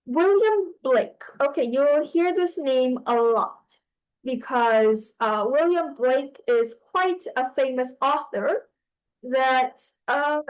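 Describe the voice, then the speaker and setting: A young woman teaches a writing lesson in a slightly high voice. She talks at an unhurried pace, stopping often to search for the next word and correct herself. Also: poor audio. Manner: explaining slowly with many fillers and restarts. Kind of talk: online class lecture.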